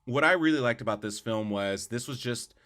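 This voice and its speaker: A podcast co-host chats casually about movies, his medium-pitched voice moving a little fast over crowd noise. He rambles and restarts often, repeating words as he offers strong opinions.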